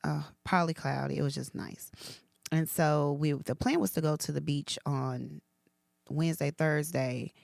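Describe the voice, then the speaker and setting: Gravelly low-voiced woman telling a story. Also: fairly even intonation, measured pace, dry recording, clean studio sound. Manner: heartfelt storytelling, soft and emotional. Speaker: podcast co-host, hairstylist. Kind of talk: casual chat.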